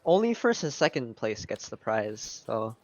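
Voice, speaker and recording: A man playing a tabletop game, chatting excitedly and laughing between lines. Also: medium pitch, a little slow, no room sound, dull audio. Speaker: player. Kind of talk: casual chat at a game table.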